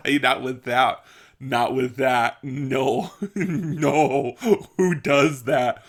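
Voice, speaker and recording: A man's voice: medium pitch, fairly bright tone. Chatty young man telling gym stories. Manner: chatty, laughs a lot, swears casually. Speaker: vlogger. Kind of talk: casual storytelling monologue.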